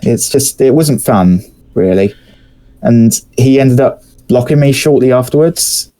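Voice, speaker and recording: A young man with a British accent chats as a podcast host, his voice soft and mellow at a middling pitch. He tells stories loosely and hesitantly, pausing often and filling gaps with "uh" and "um". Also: lively intonation. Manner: rambling, hesitant, many pauses and fillers. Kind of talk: casual storytelling chat.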